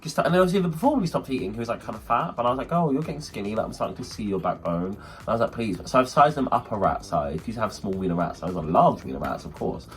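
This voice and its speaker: A man's voice: fairly low pitch, racing, hardly any pauses. A young man co-hosting a casual chat, telling stories and acting out quotes in funny voices. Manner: animated storytelling, acts out quotes. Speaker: podcast co-host.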